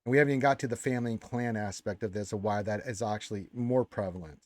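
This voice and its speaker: A man's voice: on the low side, dry recording. A man hosting a casual podcast, chatting about lore and reading passages aloud with some stumbles. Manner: animated, quick to exclaim, stumbles over words. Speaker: podcast host.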